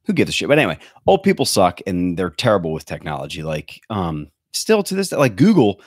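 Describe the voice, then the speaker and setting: Ranting sarcastically and swearing plenty, this thirty-something podcast host records a comedic bit from his bedroom on a webcam setup. His low-pitched voice is brisk and breathy with huge pitch swings, captured cleanly without echo, like a studio.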